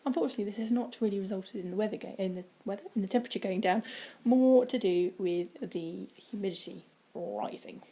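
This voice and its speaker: A woman chatting casually from home in a vlog, rambling with many ums and dropping into quiet, breathy asides. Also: medium pitch, quick pace, hardly any pauses. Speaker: vlogger. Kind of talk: casual weight-loss vlog. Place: indoors at home, by a window.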